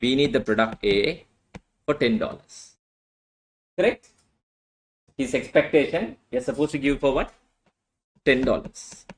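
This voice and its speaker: A man's voice: mid-range voice, expressive, a little slow, pauses often, rough recording. A male lecturer teaching a class, often asking "what?" and answering himself. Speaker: accounting lecturer.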